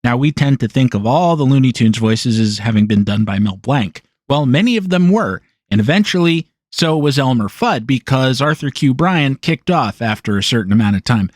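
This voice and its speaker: A man's voice: mid-range voice, lively intonation, moderate pace, hardly any pauses, a little mellow, no room sound. A man from the United States hosting a solo podcast monologue. He speaks in a conversational way and drops dry, sarcastic asides. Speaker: podcast host.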